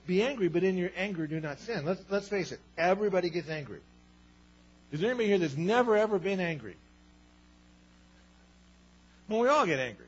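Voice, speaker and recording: A man's voice: high voice, breathy edge, dull audio. A man preaching a sermon as pastor, conversational, asking the congregation rhetorical questions.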